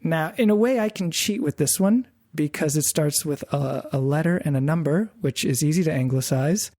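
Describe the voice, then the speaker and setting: A woman's voice: low voice, moderate pace, mellow, no echo, clean studio sound. A woman with an English Canadian accent hosting a podcast interview, playful and self-deprecating. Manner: self-deprecating, playful, stumbles over foreign names. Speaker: podcast host.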